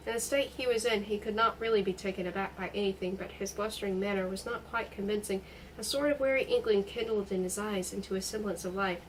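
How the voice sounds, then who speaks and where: A woman reading a novel aloud in a steady, expressive way. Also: mid-range voice, quick pace, a little hiss or hum, low-quality recording. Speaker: reader.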